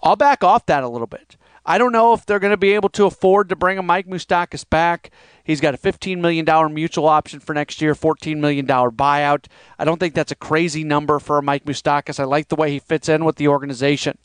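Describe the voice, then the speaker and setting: A man hosts a solo sports podcast in a loose, rambling, conversational way. His voice sits high and comes through smooth and clear. The sound is dry and close to the mic. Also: steady tone, fast, dry recording. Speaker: podcast host.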